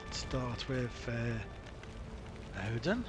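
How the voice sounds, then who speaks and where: A man's voice: medium pitch, expressive, very slow, over loud music. Man musing through gameplay commentary. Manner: musing to himself, with frequent fillers and restarts. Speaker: gaming video host.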